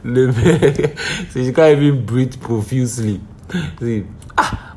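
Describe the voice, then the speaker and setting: A man with a Nigerian accent riffs through a reaction video, chuckling often and teasing what he watches. His talk is excitable and loose. His voice sits at an ordinary middle pitch. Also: unhurried, husky. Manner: chuckling, excitable, teasing, Pidgin-sprinkled asides. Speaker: reaction vlogger. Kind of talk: laughing reaction commentary.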